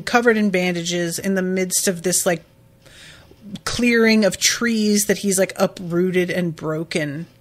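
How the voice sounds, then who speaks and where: Slow-talking, emotional woman podcaster. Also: mid-range voice, a bit bright. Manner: emotional, chatty, swears casually. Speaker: podcast host. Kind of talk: casual episode recap.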